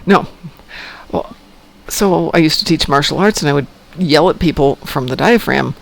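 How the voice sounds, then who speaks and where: Gravelly higher-voiced male streamer. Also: normal speed. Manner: chatty, friendly, laughs often. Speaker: livestream host. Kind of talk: casual gaming chat.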